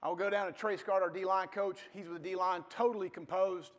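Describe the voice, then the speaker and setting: A football coach in his fifties, a man with a rather high voice, tells stories to an audience in a blunt, folksy way. His motivational speech rings out in a reverberant hall. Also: fairly even intonation, moderate pace.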